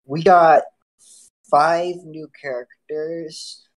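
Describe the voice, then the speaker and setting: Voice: mid-range voice, fairly even intonation, extremely slow, low-quality recording. Playful podcast host leading the talk. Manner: playful, teasing repetitions. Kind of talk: casual podcast chat.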